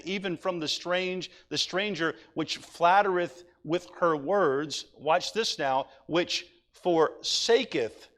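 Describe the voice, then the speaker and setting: A man's voice: fairly high pitch, fairly bright tone. A male pastor preaching a sermon, reading scripture aloud and then urging his listeners with rising intensity.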